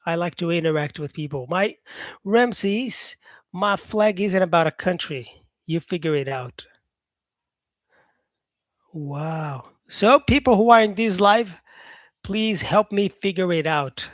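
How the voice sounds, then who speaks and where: A male English teacher whose accent carries an Australian influence talks casually and without hurry to viewers on a live-stream lesson. His voice sits high and the recording is dry. He fills his speech with lots of "yeah" and "um" and keeps calling people "mate".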